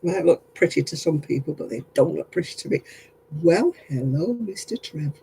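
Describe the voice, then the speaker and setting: A man's voice: on the high side, lively intonation, moderate pace, creaky, warm tone, slightly rough, low-quality recording. A tired man, chatting casually with livestream viewers as he crafts, rambling and often laughing. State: tired, yawning.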